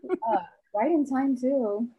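A young adult woman chatting casually as a guest, agreeable and quick to laugh along. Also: high-pitched, husky, phone-quality sound. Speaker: guest, host's niece. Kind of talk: casual family chat.

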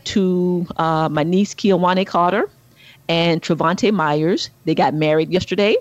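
Animated middle-aged woman co-host, lo-fi. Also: a little slow, no room sound. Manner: animated storyteller, rises to high exclaims. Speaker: podcast co-host. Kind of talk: casual chat.

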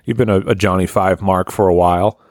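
A man's voice: sits low, fairly even intonation, a little fast, no room sound, studio quality. A man in casual chat, talking hesitantly and stumbling over his words.

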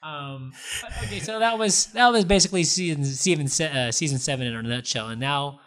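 A man co-hosting a casual chat show, talking loosely and acting out characters in high, squeaky put-on voices between laughs. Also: fairly quick, a bit bright.

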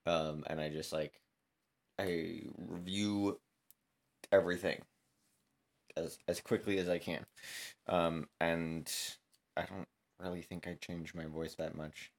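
A man cast member of a podcast chatting casually, hesitant with many pauses. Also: deep voice, little pitch movement. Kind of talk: casual chat.

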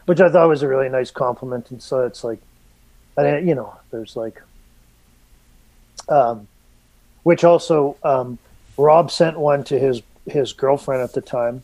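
A man's voice: medium pitch, measured pace, long pauses, darkish tone, dry recording, rough recording. A man guesting as an artist, talking casually and rambling with lots of fillers, restarts and swearing. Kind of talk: casual conversation.

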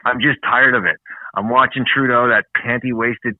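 A man's voice: mid-range voice, steady tone, moderate pace, no room sound. A man from Canada co-hosting a casual talk show, ranting bluntly and swearing freely. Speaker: podcast co-host. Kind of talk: casual chat. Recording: tinny phone-like line.

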